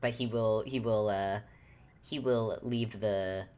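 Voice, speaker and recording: A woman casually narrating her character in a tabletop game, halting and chuckling. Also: a bass voice, steady tone, darkish tone.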